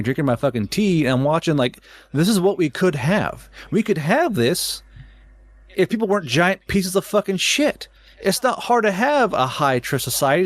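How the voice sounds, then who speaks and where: A man's voice: a little high, no echo. A man from Oklahoma, ranting heatedly in a casual podcast chat, swearing often and stumbling over repeated words. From Oklahoma, USA. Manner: heated, profane ranting with many stuttered restarts.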